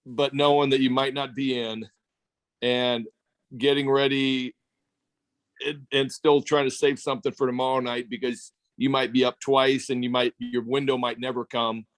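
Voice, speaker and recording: A man in his fifties hosting a podcast, chatting casually in a relaxed, halting way that repeats words. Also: mid-range voice. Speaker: podcast host, former pitcher. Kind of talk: casual chat.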